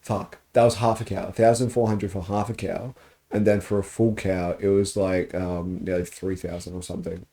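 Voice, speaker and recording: Australian male podcast co-host, low and mellow, swears freely, lively storyteller. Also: normal speed. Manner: animated storyteller, swears freely, laughs often. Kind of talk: casual chat.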